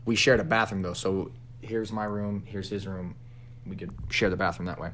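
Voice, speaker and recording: A man's voice: low-pitched, normal speed. Young man telling a story casually. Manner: animated, swearing, acts out his own reactions. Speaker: podcast co-host.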